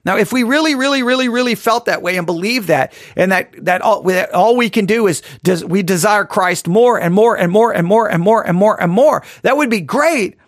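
A man with a slightly raised pitch talks through a casual Christian podcast. He rambles and stumbles over restarts, often poking fun at himself. The sound is dry and close, with no room around it. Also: lively intonation, normal speed, few pauses, no echo. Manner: rambling, self-deprecating, with many restarts. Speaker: podcast host.

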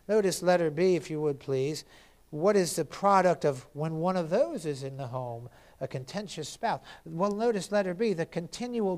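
High-voiced impassioned male preacher. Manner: impassioned preaching, rising to cries then dropping to hushed appeals. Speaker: pastor. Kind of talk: sermon.

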